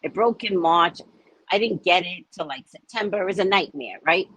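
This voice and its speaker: A woman hosting a casual livestream chat, telling rambling stories in an animated way and greeting viewers. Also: fairly low pitch, moderate pace, husky, rough recording. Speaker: livestream host.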